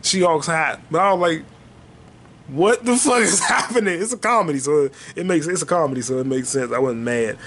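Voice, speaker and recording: A man hosting a podcast, riffing in a loose, jokey comedic monologue that jumps into high excited bursts. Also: a little fast. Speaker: podcast host.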